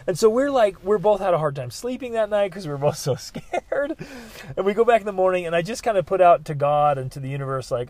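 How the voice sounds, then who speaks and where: A middle-aged man tells a personal story with lively energy and acts out the people he quotes. His voice sits slightly high. The recording is close and dry, with no room sound. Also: brisk, dry recording. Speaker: speaker telling a personal story. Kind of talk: animated storytelling.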